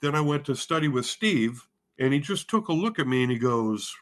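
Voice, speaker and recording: A man's voice: mid-range voice, fairly quick. A man from Spokane, Washington, a head of bands, telling his story in a casual interview, rambling and self-deprecating, with many fillers and restarts. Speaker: guest, head of bands at a music school.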